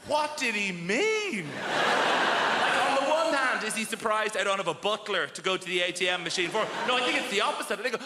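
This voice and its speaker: Male stand-up comic, high voice, wry self-mocking storyteller, echoey theatre. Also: expressive, moderate pace, heavy background noise. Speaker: stand-up comedian. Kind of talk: stand-up routine. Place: large theatre stage. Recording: echoey hall with loud audience laughter. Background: roaring crowd laughter.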